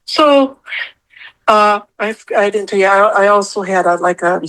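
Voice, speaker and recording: A middle-aged woman telling her own story as a podcast guest, acting out what she said in a high, animated voice. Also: unhurried, poor audio. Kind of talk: casual storytelling interview.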